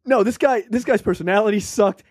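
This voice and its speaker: A man's voice: sits high, fairly quick, dry recording, clean studio sound. A man co-hosting a movie podcast, talking in a loose, profane, joking way and laughing as he tells things. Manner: animated, profane, laughs while telling. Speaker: podcast co-host. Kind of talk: casual movie-review chat.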